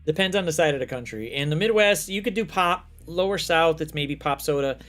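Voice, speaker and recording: A man from the United States hosting a casual chat show, telling stories in a lively, profane way. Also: a little high, brisk, faint music behind. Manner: animated, profane storytelling. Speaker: host.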